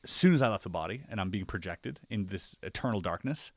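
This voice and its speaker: A man in a casual podcast conversation, telling a personal story in an animated way, acting out his own reactions with lots of filler words. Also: deep voice, fast talker, no echo. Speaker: podcast guest or co-host.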